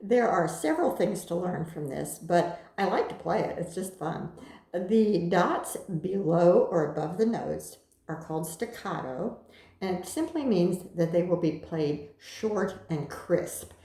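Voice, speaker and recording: A woman's voice: lowish voice, expressive, unhurried, warm tone, reverberant. A woman teaching violin, explaining the music patiently and calling out cues as she plays. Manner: patient, calls out cues while playing. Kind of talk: music lesson instruction.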